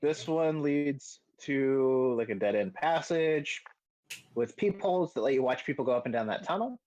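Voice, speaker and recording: A man's voice: mid-range voice, animated, normal speed, a little mellow, highs cut off. A man narrating as game master of a tabletop game, casual and hesitant with frequent fillers. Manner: casual, hesitant with many ums.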